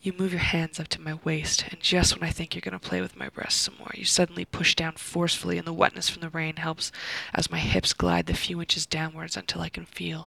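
A woman narrating a first-person erotic story in an intimate voice that slips into soft whispers, with heavy vocal fry. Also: lowish voice, flat delivery, moderate pace, dry recording, rough recording.

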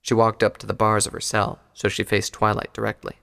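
Male storybook narrator, measured delivery, gravelly tone, long reverb. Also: fairly low pitch, completely flat delivery, pushed and bright. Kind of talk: audiobook reading of fan fiction.

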